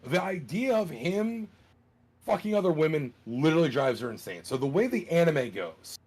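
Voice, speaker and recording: A slightly higher-pitched man with a husky edge tells a story in a loose, swearing-heavy podcast chat. His pitch swings widely as he builds up each turn. He leans on "like" constantly. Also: normal speed. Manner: animated, profane retelling, heavy filler "like".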